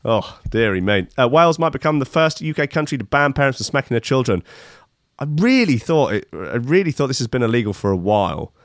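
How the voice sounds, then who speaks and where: A podcast host reads news stories aloud and riffs on them in comic commentary, rambling sarcastically with many restarts. His medium-pitched voice is sing-song and fairly quick. The studio-quality recording has no room sound.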